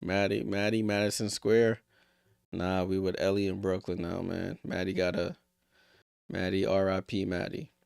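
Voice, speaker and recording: Gravelly, smooth-voiced man reacting live. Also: deep voice, little pitch movement, moderate pace, darkish tone, dry recording, studio quality. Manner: chatty, jokey asides. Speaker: reaction streamer. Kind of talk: casual live reaction commentary.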